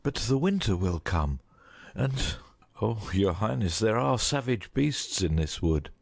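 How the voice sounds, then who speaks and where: A man voicing a loyal huntsman torn between duty and mercy, in a slow, heavy, pleading delivery. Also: lowish voice, very animated, gravelly, full character voice. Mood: worried.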